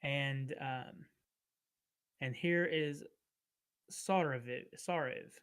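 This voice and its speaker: A man narrating as game master of a tabletop game, relaxed and rambling, with many fillers. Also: medium pitch, very slow, clear, resonant tone.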